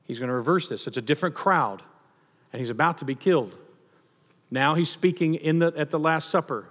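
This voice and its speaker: Speaking rather quickly in a space with a long reverb tail, this high-voiced male pastor delivers his sermon as animated, chatty storytelling sprinkled with humor.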